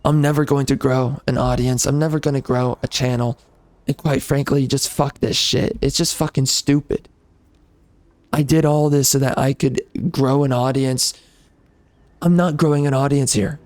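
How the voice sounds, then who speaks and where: A man's voice: medium pitch, steady tone, normal speed, a little mellow, no echo. A man who hosts a gaming channel, delivering a bitter, profane rant at his viewers. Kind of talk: angry rant to the audience.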